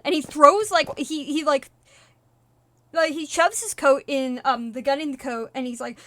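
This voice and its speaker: A woman streaming a video game, chatting casually and retelling things in a rambling, animated way with fillers and swearing. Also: high voice, normal speed, no echo. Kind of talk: casual live-stream chatter while gaming.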